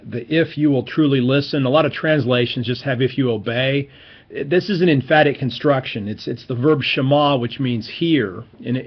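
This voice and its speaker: A man's voice: mid-range voice, husky, muffled recording. A man giving an informal, enthusiastic Bible teaching lecture, stressing key words as he explains.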